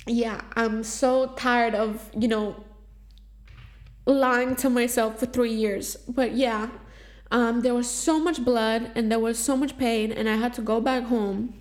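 A woman's voice: fairly high pitch, fairly even intonation, takes it slowly. A woman telling a personal story in a candid, emotional confessional monologue, with heavy swearing, fillers and restarts. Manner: raw, emotional, swears freely. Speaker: vlogger sharing a personal story.

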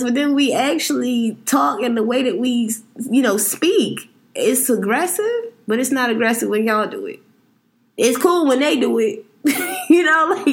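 A young woman hosting a solo podcast, talking candidly and casually, laughing often and addressing listeners as y'all. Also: medium pitch. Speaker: podcast host.

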